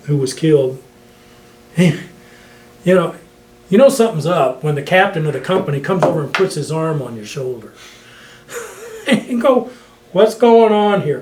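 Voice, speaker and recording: A man's voice: fairly high pitch, darkish tone, slight background noise. An older man, a veteran interviewee, rambling through stories in an oral history interview and laughing often. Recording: echoey room with faint ambience.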